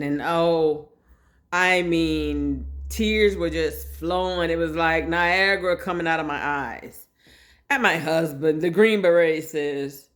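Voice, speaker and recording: Chatty woman telling her own story. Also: low-pitched. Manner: chatty, animated, addresses listeners directly. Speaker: host sharing her health story. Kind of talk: casual personal storytelling.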